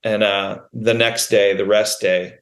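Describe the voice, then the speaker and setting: A man's voice: on the low side, unhurried. A man, a guest on a podcast, telling a personal story in a candid, rambling way, with frequent restarts and swearing. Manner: rambling with frequent restarts and swearing, animated when quoting himself. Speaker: podcast guest, band musician. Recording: roomy echo.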